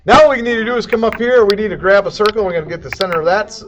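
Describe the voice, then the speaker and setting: A man with a high voice walks through a CAD tutorial in a loose, goofy way, scatting little sound effects between steps. The recording is dull and lo-fi, with a faint hiss underneath. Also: racing. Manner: goofy, jokey, sound effects and silly accents. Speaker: CAD instructor. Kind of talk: casual screen-recorded tutorial.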